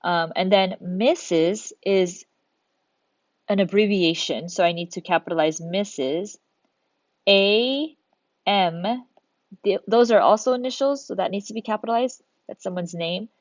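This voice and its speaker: A woman's voice: medium pitch, unhurried, dry recording, muffled recording. Patient teacher woman explaining grammar. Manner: patient, explains step by step, thinks aloud. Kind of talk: recorded grammar lesson.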